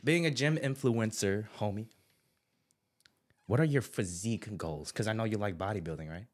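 A young man hosting a casual podcast chat, slangy and a little nervous, with quick laughs. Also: fairly low pitch. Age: young adult. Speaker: podcast host.

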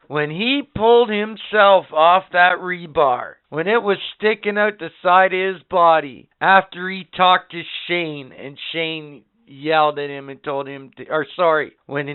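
A man hosting a casual podcast chat, his voice a little high and smooth as he tells stories in an excited, profane way. It comes through a thin, phone-like recording. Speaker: podcast host. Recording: phone-like narrow band.

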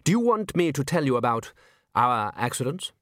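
A man's voice: medium pitch, very animated, moderate pace, no room sound, clean studio sound, lightly acted. A man voicing a blunt, plain-spoken male cheese merchant who speaks wryly and lists things off.

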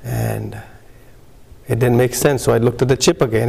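A man telling his personal recovery story in a halting way, with many fillers and pauses. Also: mid-range voice, creaky, slight background noise. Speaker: recovery meeting speaker. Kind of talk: personal testimony.

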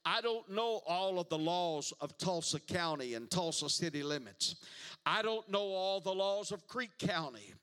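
High, bright-voiced preaching man. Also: animated, unhurried, clean tone. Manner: emphatic preaching, repeats words and calls for responses. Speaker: pastor. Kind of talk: sermon.

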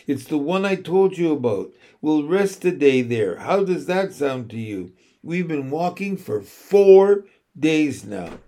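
A determined young girl who leads her younger siblings, voiced by a man reading a storybook. She speaks briskly and decisively, in a slightly high, unhurried delivery. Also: big pitch swings, warm tone, heavily acted. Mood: firm. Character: determined girl, eldest sister, leader.

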